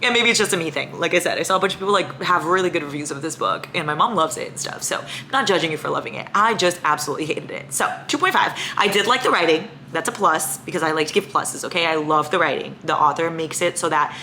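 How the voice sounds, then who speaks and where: Young adult woman, lowish voice, animated book-vlog ranter, faint room noise. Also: quick pace, few pauses. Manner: animated, ranting, swears freely. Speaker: book vlogger. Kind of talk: casual reading vlog chat.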